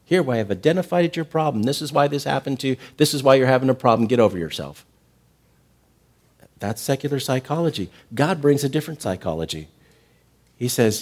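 A middle-aged man preaching a sermon, animated, rising to loud emphatic peaks and falling to soft, tender passages. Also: mid-range voice, fairly quick. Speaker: pastor.

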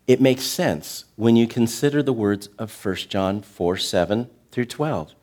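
A man preaching a sermon as a pastor, earnest and direct with the congregation, slowing down to stress key words. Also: fairly low pitch, expressive, darkish tone. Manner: talks directly to the congregation with asides.

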